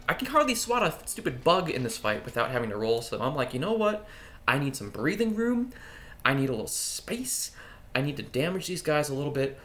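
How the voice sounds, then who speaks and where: A man's voice: mid-range voice, a bit bright, a little hiss or hum. A man giving casual, playful commentary over his own gameplay footage as a guide creator, swearing now and then.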